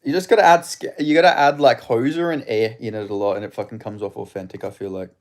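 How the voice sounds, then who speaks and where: A streamer from Perth, Western Australia, with an Australian accent runs a live fight watch-along, talking fast in a medium-pitched voice with fairly even intonation. He's laid-back, chats with viewers, and swears freely.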